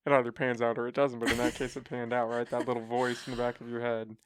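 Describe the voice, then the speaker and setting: A man's voice: medium pitch, flat delivery, fast talker, noisy background. A man hosting a casual interview podcast, asking questions and reacting briefly. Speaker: podcast host.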